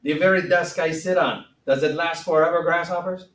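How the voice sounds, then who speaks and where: A man's voice: on the high side, a little slow, echoey room, far from the mic, lightly acted, rough recording. A male teacher playing a jokey wise sage in comic classroom role-play, with a wobbly put-on accent and theatrical delivery. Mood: mock-solemn. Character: man playing the Buddha as a mock-solemn sage.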